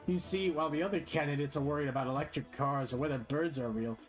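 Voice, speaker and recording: A man's voice: on the high side, steady tone, fast talker, faint music behind, natural voice. A man voicing a sleazy, sweaty, wheezing male political candidate who heckles his rivals in a brash, dismissive way.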